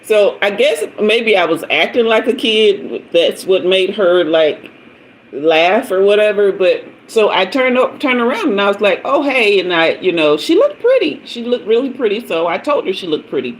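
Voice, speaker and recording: Middle-aged woman, livestream host, chatty and laughing, mid-pitch voice, faint background noise. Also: sing-song, moderate pace, rough recording. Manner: chatty storyteller, laughs often, greets commenters by name. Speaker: tarot reader hosting a livestream. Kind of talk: casual live-stream chat.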